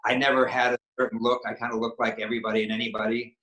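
A middle-aged man from Maine with a Maine accent, a guest actor talking in a casual interview with halting, stop-start phrasing. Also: medium pitch, level tone, pushed and bright. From Maine, USA. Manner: halting, many restarts and fillers. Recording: roomy echo.

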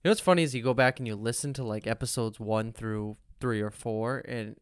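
A young man with a smooth, clean voice chats easily on a podcast and laughs often. The sound is dry and close, with no room around it. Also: mid-range voice, a little fast, dry recording. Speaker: podcast host. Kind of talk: casual podcast chat.

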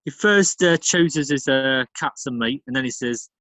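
A man's voice: medium pitch, a little slow, fairly bright tone, no room sound, natural voice. A man doing a cheeky London pub geezer. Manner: cheeky, crude joke-telling. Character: cocky London pub regular man telling jokes. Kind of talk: comedy podcast character bit.

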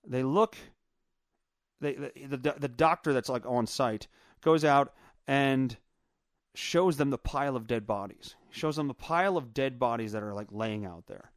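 A man hosting his own podcast, telling a long story in a rambling, profane, animated way. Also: mid-range voice, no room sound, clean studio sound. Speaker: podcast host. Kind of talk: casual storytelling monologue.

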